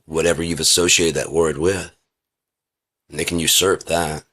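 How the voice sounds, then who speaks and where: A man's voice: very deep voice, flat delivery, normal speed, a bit bright. A man talking casually and profanely on his own indoors, rambling through a rant in a lecturing way. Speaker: vlogger. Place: indoor room with a heater.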